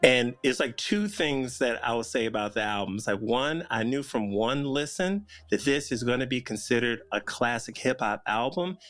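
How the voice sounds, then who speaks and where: A man chatting as a guest on a podcast, joking and telling stories with lively energy. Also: medium pitch, normal speed, few pauses, dry recording. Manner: playful, jokey, animated storytelling. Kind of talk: casual chat.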